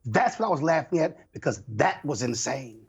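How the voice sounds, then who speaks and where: A man's voice: medium pitch, expressive, normal speed, slightly rough, dull audio. A man debating as a panel guest, exasperated and insistent, refusing to be cut off. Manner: exasperated, insistent, talks over others. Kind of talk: heated political debate.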